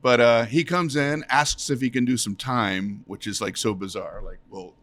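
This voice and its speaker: A man's voice: mid-range voice, normal speed, a bit bright. Middle-aged male comedian telling anecdotes. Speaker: comedian guest. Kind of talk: casual storytelling.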